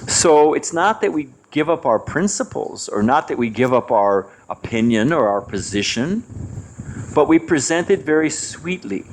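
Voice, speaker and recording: A man in his sixties giving a devotional class, an animated storyteller who swings his pitch and chuckles between points. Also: moderate pace, a little hiss or hum. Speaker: spiritual teacher.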